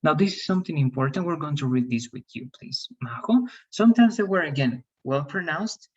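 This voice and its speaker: A teacher giving feedback and pronunciation drills in an online English class, patiently repeating words slowly. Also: mid-range voice, expressive, breathy edge, muffled recording.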